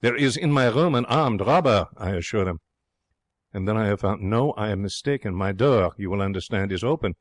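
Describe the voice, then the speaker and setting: A man reading an audiobook, voicing an excitable, romantic young Frenchman who tells his tale in broken English. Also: on the low side, a little fast, no room sound, close to an everyday voice. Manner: theatrical, broken English phrasing. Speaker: audiobook narrator.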